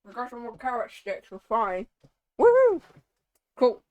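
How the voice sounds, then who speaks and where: A woman's voice: on the high side, fairly even intonation, normal speed, dry recording, narrow, tinny audio. Chatty woman streaming a game. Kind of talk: casual gameplay commentary. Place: home at her desk. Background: game music.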